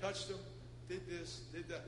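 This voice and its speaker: A man preaching a Pentecostal sermon in a folksy way, swinging between loud shouting and soft asides. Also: sits high, little pitch movement, measured pace, background noise. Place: church. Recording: echoey church hall with ambience.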